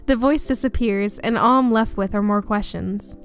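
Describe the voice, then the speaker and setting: A woman's voice: mid-range voice, brisk, hardly any pauses, faint music behind. A woman hosting a let's play at home, reading a story game aloud in a chatty, giggly, easily sidetracked way. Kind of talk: casual narration and chat. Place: home room.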